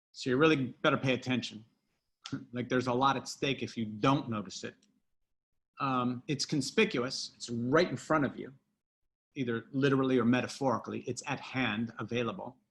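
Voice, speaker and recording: A man who wrote a book, from the United States, answering at length in an interview with emphatic pauses and restarts. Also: mid-range voice, a bit bright. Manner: emphatic, drawn-out, many restarts. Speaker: podcast guest, author.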